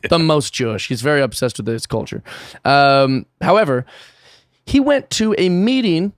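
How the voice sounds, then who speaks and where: An American man, a guest comedian, chatting casually on a podcast and telling animated stories. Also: a little high, normal speed, dry recording, studio quality. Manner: animated, storytelling, excitable laughs.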